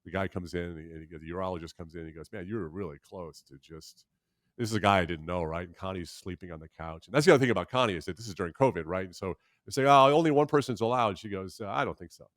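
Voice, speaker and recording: In a studio-quality recording with no room sound, a man in his sixties speaks in a voice that sits low. He is a guest in a candid storytelling interview, animated but halting with many restarts, and he imitates the people he quotes.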